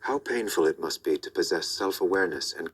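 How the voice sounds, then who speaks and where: An actor playing an ominous, solemn male entity who speaks in slow, grave pronouncements in a film. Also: sits low, expressive.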